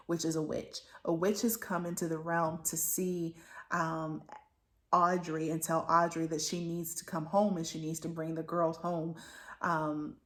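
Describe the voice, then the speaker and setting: A woman giving a casual book talk, retelling the plot in a rambling way with many restarts. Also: deep voice. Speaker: book reviewer.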